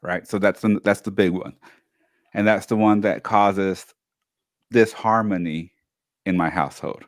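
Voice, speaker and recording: A man co-hosting a talk show, telling a personal story in a casual, animated way and acting out the family members he quotes. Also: fairly low pitch, unhurried, no echo, clean studio sound. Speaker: co-host.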